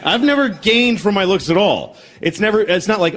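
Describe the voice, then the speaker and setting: A man in his forties performing a self-deprecating, deadpan stand-up comedy set on stage. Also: high voice, moderate pace, slight background noise. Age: 40s. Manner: deadpan, self-deprecating, acts out bits in character voices. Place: comedy stage before a live audience. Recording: live set with loud crowd laughter.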